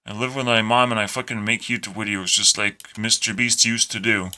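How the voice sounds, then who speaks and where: Sharp-voiced Lithuanian man ranting. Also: fairly low pitch, level tone, a little fast. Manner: profane, sarcastic, self-deprecating. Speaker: YouTuber. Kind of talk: rambling rant to camera.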